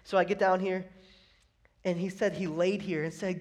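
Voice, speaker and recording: A man's voice: a little high, fairly even intonation, fairly quick. A young man preaching a sermon as a pastor, speaking with fervent, emphatic energy and acting out scripture quotes.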